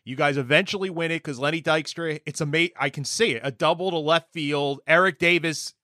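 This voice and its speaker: A man's voice: a little high, fairly quick, pushed and bright, no room sound, clean studio sound. A male podcast host asking a guest questions, eagerly recalling details before he asks. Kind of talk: interview questions.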